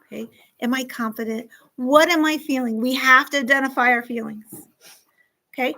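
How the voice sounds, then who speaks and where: Lively woman teaching fourth graders. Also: high voice, normal speed, creaky, poor audio. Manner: animated, acts out scenarios, asks the class questions. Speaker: school counselor teaching a class. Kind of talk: classroom lesson to fourth graders.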